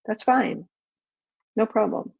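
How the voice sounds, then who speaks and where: A middle-aged woman who used to work as an air traffic controller talks through pilots' questions in a practical, chatty way and acts out radio exchanges. Her voice has some gravel in it. The recording is dry and muffled, like a webinar feed. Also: on the high side, takes it slowly, no room sound. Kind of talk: webinar Q&A answers. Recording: dull muffled webinar audio.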